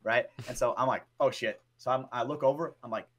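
A man co-hosting a podcast, telling a story in a lively, profane way and often adding "right?" and "bro". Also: medium pitch, fast. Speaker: podcast co-host. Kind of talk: casual storytelling chat.

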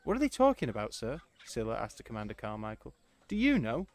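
Guy playing a jumpy young officer, high and nagging, wants answers. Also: huge pitch swings, fast talker. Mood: anxious. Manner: high, anxious, pestering questions. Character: nervous young male officer, pleading and demanding.

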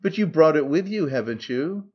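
Man voicing a vain aging author in an audiobook, squeaky lisping voice, somewhat high, muffled recording. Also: animated, normal speed, slightly rough. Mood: fussy. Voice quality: squeaky with a soft gentlemanly lisp. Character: fussy vain aging male writer. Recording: dull lo-fi recording.

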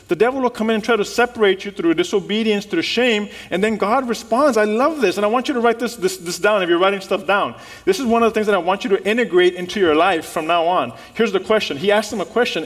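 A man with a high voice preaches a sermon as a pastor, lively and animated, firing off rhetorical questions and laughing along with the congregation.

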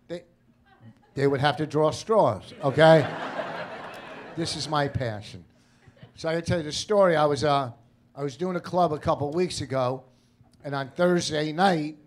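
A middle-aged man with a New Jersey accent doing a stand-up set on stage, telling stories in a brash, cranky, profane way. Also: fairly high pitch. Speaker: stand-up comedian. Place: comedy stage before a live audience.

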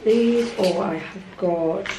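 A young woman chatting excitedly to camera in a casual vlog, giggly and talkative. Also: medium pitch, slow pace, noisy background. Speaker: vlogger.

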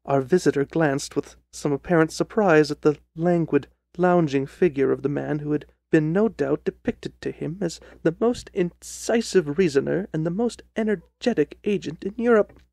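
A man giving scripted narration of a period story in a measured storytelling manner. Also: on the high side, vocal fry, a little mellow, no room sound, clean studio sound.

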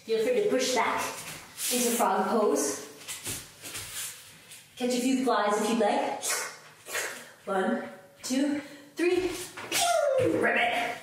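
A woman's voice: a little high, takes it slowly, long pauses. A woman leading a children's yoga lesson in a playful, sing-song way, making animal sounds along with the kids. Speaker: kids' yoga teacher. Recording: echoey room, voice from a distance, faint noise.

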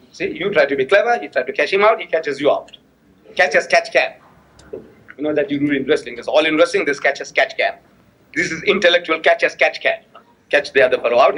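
High-voiced man giving a storytelling mosque lecture. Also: fairly bright tone, rough recording. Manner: storytelling with repeated phrases and rhetorical questions; acts out both sides of quoted dialogue. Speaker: Islamic lecturer. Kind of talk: public religious lecture.

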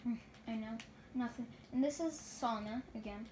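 A woman's voice: on the high side, moderate pace, warm tone, slight background noise. A woman co-hosting a gaming video, talking hesitantly with many fillers and giggles. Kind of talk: casual gameplay chat.

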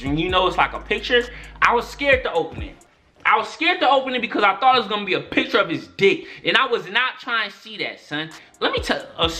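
An animated young man spins a story-time tale in loose, profane slang. His pitch leaps up and down as he tells it, with a bright, forceful tone. Faint music plays behind him. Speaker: YouTube storyteller. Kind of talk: casual story time vlog.

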